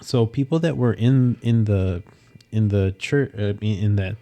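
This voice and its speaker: A man's voice: on the low side, unhurried, warm tone. A man co-hosting a podcast, rambling through a story in casual chat and swearing freely. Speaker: podcast co-host.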